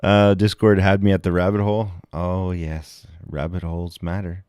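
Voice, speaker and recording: A man's voice: low voice, level tone, normal speed, darkish tone, clean tone, dry recording, clean studio sound. A man streaming and reacting to videos in crude casual chat, swearing constantly. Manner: crude, heavy swearing, laughing.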